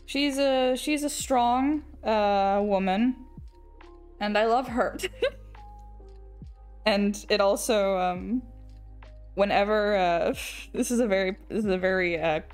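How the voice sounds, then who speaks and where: A woman's voice: medium pitch, slow, long pauses, a little mellow, clean tone, soft background music. A young woman with an English accent chatting casually on an art stream as she draws, rambling, restarting her sentences, laughing often and swearing now and then. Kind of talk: casual chat while drawing.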